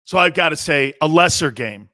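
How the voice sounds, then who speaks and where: A man's voice: a little high, expressive, normal speed, sharp tone, dry recording, studio quality. Blunt, fired-up male sports talk host. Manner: blunt, fired-up storytelling with frequent repeats and asides. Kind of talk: opinionated talk-show monologue.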